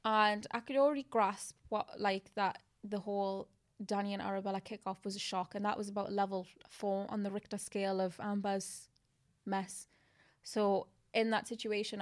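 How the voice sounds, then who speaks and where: A woman's voice: medium pitch, moderate pace. A young woman, chatting casually as a podcast guest and telling stories animatedly. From England. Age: 20s. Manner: animated storytelling, lots of "like".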